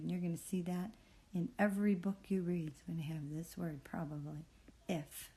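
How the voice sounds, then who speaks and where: Female reading teacher, lower voice, very unhurried, patient and encouraging, soft-spoken. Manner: patient, encouraging, sounds out words slowly. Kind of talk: phonics reading lesson.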